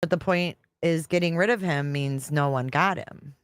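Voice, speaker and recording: A woman's voice: low voice, normal speed, clear, resonant tone, no room sound, clean studio sound. A woman hosting a live stream, chatting casually and reading out viewer comments as she reacts to a clip. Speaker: livestream host reacting to a clip.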